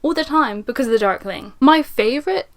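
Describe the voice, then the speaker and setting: A young woman giving a casual spoken book review, chatty and animated, laughing often. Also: high voice, fairly quick.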